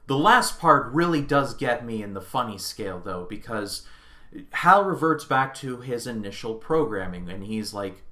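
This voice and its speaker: A young man chats about a film in a relaxed, amused video review. He speaks slowly, with a bright, forward voice. The recording carries a clear room echo. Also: mid-range voice. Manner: chatty, amused, recounting scenes. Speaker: movie reviewer. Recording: echoey room.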